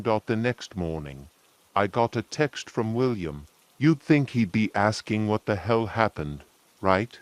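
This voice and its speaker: A man reading a scripted first-person horror story in a slow, measured storytelling manner. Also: lowish voice, no echo.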